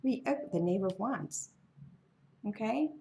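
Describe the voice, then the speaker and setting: A woman's voice: mid-range voice, expressive, unhurried, mellow. A woman reading tarot cards alone on her channel, musing in a wandering, offhand way. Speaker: tarot reader. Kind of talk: casual tarot reading monologue.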